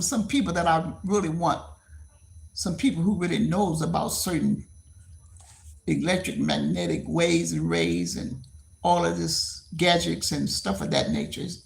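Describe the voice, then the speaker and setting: A woman's voice: fairly low pitch, vocal fry. A woman in her seventies talking bluntly to viewers on a casual livestream, often repeating herself. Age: 70s. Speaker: livestream host.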